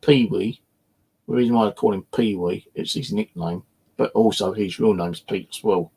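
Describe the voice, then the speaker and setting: A man tells a personal story in a loose, rambling way, scattering fillers and swear words. His voice sits low and gravelly, with a husky, slightly rough edge. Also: expressive, normal speed, darkish tone. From England. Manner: rambling, full of "you know" fillers and swearing. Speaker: paranormal investigator and channel host. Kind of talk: casual first-person storytelling.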